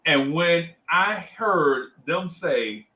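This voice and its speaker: A livestream host with a slightly high voice talks very slowly as he animatedly tells a story, acting out voices and reading chat comments aloud. The low-quality recording carries a little hiss or hum.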